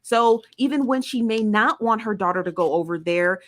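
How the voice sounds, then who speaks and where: A woman's voice: mid-range voice, moderate pace, a bit bright. A woman hosting a casual commentary show, reading viewer comments and making her points emphatically, often repeating herself and checking in with "okay?" and "right?".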